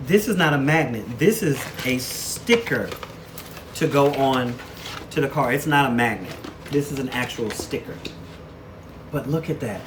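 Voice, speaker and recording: A man's voice: medium pitch, a little slow. Chatty man vlogging with background noise. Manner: chatty, animated storyteller. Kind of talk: casual vlog chat.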